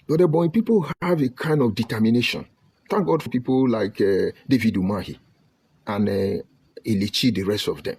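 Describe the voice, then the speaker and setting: A Nigerian man from Delta State giving an impassioned online broadcast, preaching emphatically and swinging between loud outbursts and low murmurs. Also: slightly rough, no room sound. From Nigeria (Delta State, Ika). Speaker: online commentator.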